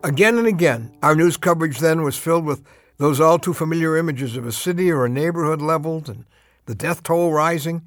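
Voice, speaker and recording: An older man giving a short, earnest radio devotional, slowing to drive home urgent appeals. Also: a little high, no echo, soft background music.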